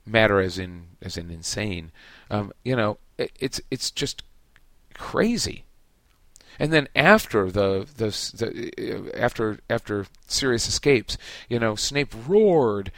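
A man hosting a podcast, discussing a book casually with emphatic, halting speech and many restarts. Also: on the low side, animated, no echo. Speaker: podcast host.

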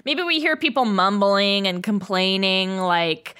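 A young adult woman co-hosting a podcast, chatting casually with frequent giggles and quick asides. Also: mid-range voice, lively intonation, pushed and bright, clear, resonant tone. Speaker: podcast co-host. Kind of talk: casual chat.

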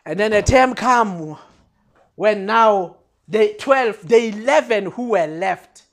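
High-voiced man preaching with passion. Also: expressive, slow pace, fairly bright tone. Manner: impassioned, repetitive and emphatic; addresses the congregation directly. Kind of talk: sermon.

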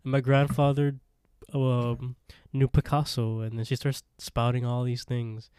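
Laid-back man with a mellow, dry voice. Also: medium pitch, clear, resonant tone, no echo. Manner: animated retelling, acts out lines in quick voices. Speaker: podcast co-host. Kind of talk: casual recap of a horror episode.

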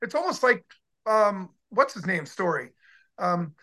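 A man in his sixties recalls his playing days in a casual interview. His voice is bright and forceful. He talks in eager bursts, breaking off and restarting his sentences. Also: sits high, unhurried. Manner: excited, rambling, many restarts. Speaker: former pro football player, guest.

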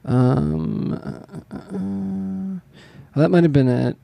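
A man co-hosting a casual podcast chat, rambling and animated. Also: a little high, very slow, gravelly, dry recording. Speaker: podcast co-host.

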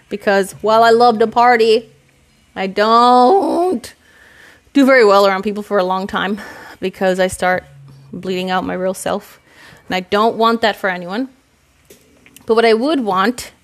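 A woman talking to camera in a casual, rambling vlog monologue, candid and profane, reflecting on herself. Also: fairly high pitch. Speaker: vlogger. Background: faint music.

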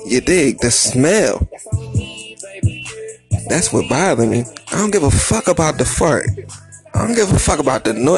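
Gravelly-voiced man, loose profane comic storyteller, mid pitch, light music under him. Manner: rambling, repetitive, swearing, frequent "you know what I mean". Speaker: comedian.

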